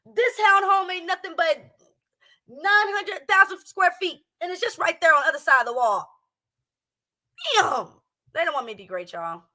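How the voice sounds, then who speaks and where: A woman's voice: very high voice, lively intonation, moderate pace, sharp tone. A woman doing casual reaction commentary at home, talking brash, profane and heated. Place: home, a townhouse. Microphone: streaming setup with speakers playing a clip.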